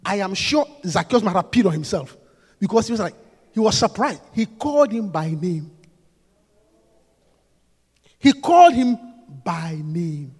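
High-voiced preacher man in an echoing hall. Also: lively intonation, measured pace, pauses often, breathy edge. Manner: emphatic and repetitive, swinging from hushed to shouting. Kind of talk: sermon.

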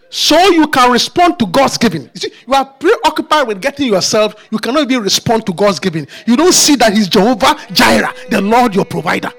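A man preaching a sermon with passion. He fires off repeated questions and builds up to shouting. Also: very high-pitched.

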